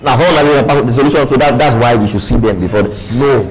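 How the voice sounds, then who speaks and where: Nigerian man preaching a lively sermon. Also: medium pitch, fast talker, hardly any pauses, poor audio. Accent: Nigerian English. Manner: preaching with playful asides, acting out quoted voices. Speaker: pastor. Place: church.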